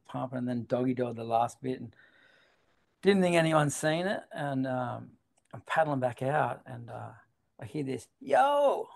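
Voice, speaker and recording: A middle-aged man with a broad Australian accent and a heavily gravelly, crackly voice spins loose, rambling stories. He talks in an easygoing drawl, swearing and chuckling as he goes, a surfer chatting in an interview. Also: mid-range voice, darkish tone. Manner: laid-back, rambling, swears and laughs freely. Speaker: guest, big wave surfer. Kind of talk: casual storytelling interview.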